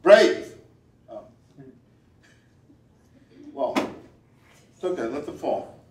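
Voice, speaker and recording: A man with a fairly high voice runs a playful stage act, teasing volunteers and repeating short commands in a steady rhythm. His voice rings through a large, echoing hall. The mic catches him from some way off. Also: moderate pace. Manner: playful, teasing, wry asides. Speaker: stage performer reading body language. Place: event hall at a gala. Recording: roomy hall, voice picked up from a distance.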